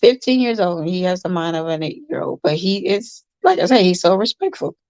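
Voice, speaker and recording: A woman's voice: on the low side, big pitch swings, brisk, a little mellow, no room sound, highs cut off. A woman hosting a casual livestream, chatting earnestly about foster parenting and reading out viewer comments, often repeating herself for emphasis.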